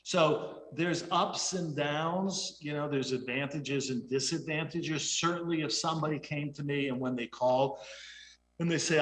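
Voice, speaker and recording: A man's voice: medium pitch, fairly even intonation, unhurried, a bit bright, a little hiss or hum. A middle-aged man, a guest in the mortgage business, who explains his work and acts out talks with his clients. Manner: storytelling, acts out dialogues with clients. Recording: roomy echo.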